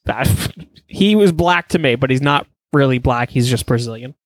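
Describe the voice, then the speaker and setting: A man's voice: mid-range voice, animated, moderate pace, dry recording. A man on a casual gaming podcast, talking in an enthusiastic, rambling, profane way. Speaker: podcast co-host.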